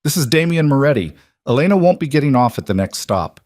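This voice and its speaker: Man as a calm, dangerous mafia boss. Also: medium pitch, fast, no room sound, clean studio sound, voice pushed up, lightly acted. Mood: calm commanding. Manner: smooth, calm, commanding.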